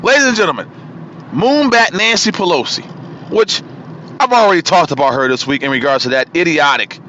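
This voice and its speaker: A political talk show host rants fiercely in a fairly high voice, speaking briskly with a sharp tone in this talk radio monologue. The recording is muffled with a little hiss or hum, and he animatedly repeats himself for emphasis and names his targets.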